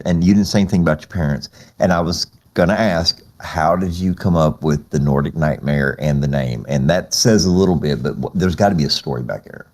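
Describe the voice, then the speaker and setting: A man with a very low voice hosts a relaxed podcast conversation. He talks loosely, restarting phrases and laughing as he goes. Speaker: podcast host. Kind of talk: casual podcast chat.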